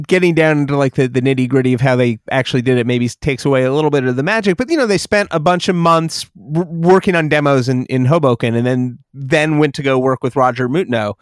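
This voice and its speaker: A man's voice: fairly high pitch, a little fast, smooth, no echo. Guy rambling about an album, keeps correcting himself, dry sound. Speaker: podcast guest. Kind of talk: casual music discussion.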